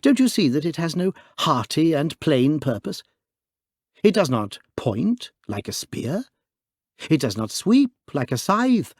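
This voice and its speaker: A mild little priest with a low, dreamy voice, as a male narrator puts him on in a storybook reading. His speech rises and falls with lively swings, quiet yet intense, heard close and dry. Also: a little slow, dry recording. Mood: earnest, insistent.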